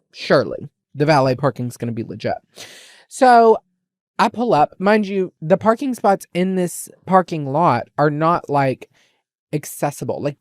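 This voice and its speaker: A young woman telling a story in a casual, animated vlog rant, exasperated and repeating lines for effect. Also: low-pitched, dry recording, studio quality. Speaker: vlogger.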